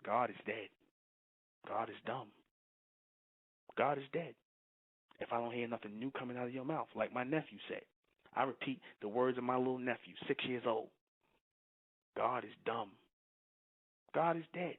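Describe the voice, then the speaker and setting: A man's voice: mid-range voice, steady tone, normal speed, long pauses, slightly rough. A man preaching to followers, repeating his points and often asking whether listeners understand. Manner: repetitive, keeps asking "you understand?". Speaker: spiritual teacher. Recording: thin phone-like lo-fi audio.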